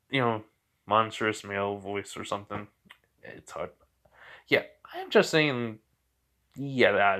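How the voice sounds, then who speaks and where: Still sleepy from a nap he's just woken up from, a young man rambles through an off-the-cuff fan story in a fairly bright tone. He keeps restarting and using fillers, and he shifts pitch quickly to do the characters' lines.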